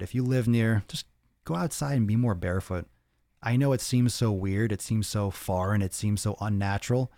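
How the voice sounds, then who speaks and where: A man in his thirties hosts a casual live-stream Q&A and answers viewer comments. His voice sits low, and he talks in a blunt, profane, joking way. The sound is dry, with no room echo. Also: a little mellow. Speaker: podcast host answering viewer questions.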